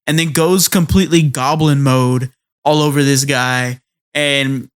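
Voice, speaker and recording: A man's voice: mid-range voice, unhurried, clean tone. A man co-hosting an anime podcast, recapping episodes in casual chat and acting out the characters' lines. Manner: animated, acts out characters' lines while recapping. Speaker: podcast co-host.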